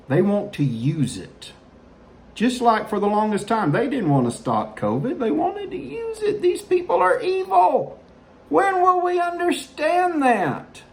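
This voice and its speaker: A man hosting a political commentary show, sarcastic and mocking as he reacts to news. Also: high-pitched. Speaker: host.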